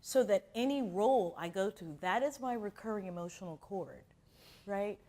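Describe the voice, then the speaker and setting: A middle-aged woman from Miami leads an acting class. She talks at an even pace with a lively, swooping pitch, and she keeps breaking into little acted scenes. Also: moderate pace. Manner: expressive storyteller who acts out quotes. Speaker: acting teacher. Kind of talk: animated class talk with acted-out anecdotes.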